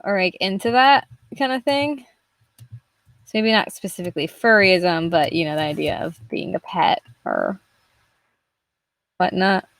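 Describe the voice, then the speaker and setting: With frequent pauses and a slightly slow delivery, a young woman artist chats loosely while streaming her drawing, swearing freely along the way. Her voice is lowish and a bit bright, captured in a dry recording.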